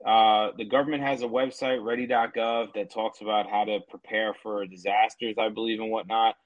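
A man's voice: on the low side, flat delivery, normal speed, highs cut off. Blunt, swearing podcast man. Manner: blunt, mocking, swears freely. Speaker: podcast co-host. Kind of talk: casual profane chat.

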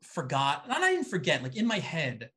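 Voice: medium pitch, huge pitch swings, normal speed, bright, forceful tone. A podcast host asking rambling, restarting questions in a casual interview.

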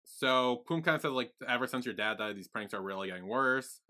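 A man's voice: mid-range voice, fairly quick, pushed and bright. A man co-hosting a podcast, summarizing plot in an easygoing casual chat. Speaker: podcast co-host.

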